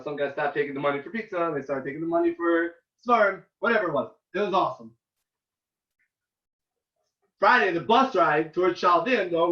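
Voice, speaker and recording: Animated, high-voiced rabbi telling stories. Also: male voice. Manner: animated storytelling, loudly acting out quoted lines. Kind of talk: informal talk to yeshiva students. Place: room at a yeshiva. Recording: roomy, distant and dull.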